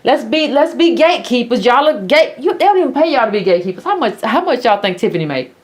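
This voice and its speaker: A woman hosting a commentary show, blunt and biting in her sarcasm. Her voice sits somewhat high and swings through a wide, lively range. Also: quick pace. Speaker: host of a political commentary channel. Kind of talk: opinionated commentary monologue.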